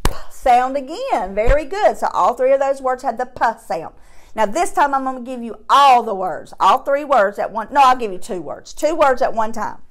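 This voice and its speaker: A woman teaching a phonics lesson to young children, drawing out each sound slowly and patiently, with encouraging praise. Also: high voice, lively intonation. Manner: slow, drawn-out sounding of word parts; encouraging, patient classroom delivery.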